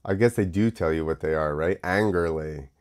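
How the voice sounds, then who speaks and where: A man's voice: deep voice, moderate pace, darkish tone. Sarcastic man ranting on his show. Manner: ranting, goes off on tangents; sarcastic, mocking. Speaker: show host. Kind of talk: casual monologue.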